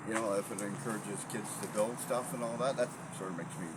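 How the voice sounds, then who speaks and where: Inventor guy talking slow and earnest, lots of ums, noisy outside. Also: lowish voice, fairly even intonation. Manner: halting, earnest, lots of fillers. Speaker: inventor guest. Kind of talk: casual interview chat.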